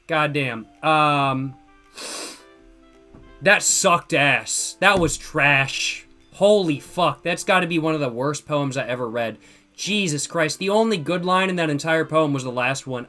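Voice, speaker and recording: A male gaming streamer riffing loudly and crudely while he plays. His voice is slightly high and very bright and forward. He swears freely and jokes through his commentary. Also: a little slow, faint music behind. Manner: loud, profane, joking. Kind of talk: casual let's-play commentary.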